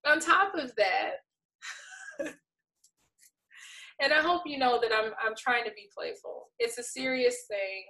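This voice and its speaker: A woman giving a casual tarot reading, playful and exasperated, laughing often and swinging between soft mutters and loud outbursts. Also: fairly high pitch, moderate pace, few pauses, rough recording. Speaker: tarot reader.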